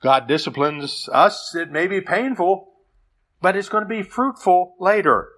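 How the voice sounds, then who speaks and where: Man preaching, earnest, measured, fairly high voice, bright and forceful. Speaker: pastor. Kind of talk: sermon.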